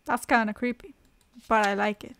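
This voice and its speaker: A young woman with a high voice narrates her run through a horror game. She is jokey and sarcastic, cursing freely as she plays. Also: moderate pace, a bit bright, a little hiss or hum. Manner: swears a lot, jokey and sarcastic. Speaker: let's play gamer. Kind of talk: horror gameplay commentary.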